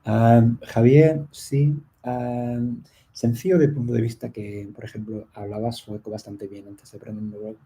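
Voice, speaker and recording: Mellow-voiced man chatting live. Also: medium pitch, fairly even intonation, normal speed, slight background noise, low-quality recording. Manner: chatty, many ums and restarts, light laughs. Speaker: livestream host answering viewer questions. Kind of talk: casual live Q&A chat.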